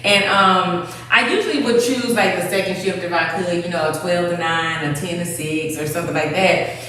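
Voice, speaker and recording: A woman's voice: fairly low pitch, normal speed, slight background noise. A woman hosting a casual talk, telling a story bluntly and acting out the people in it. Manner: blunt, animated storyteller with quoted voices. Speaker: host. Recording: echoey room, far from mic.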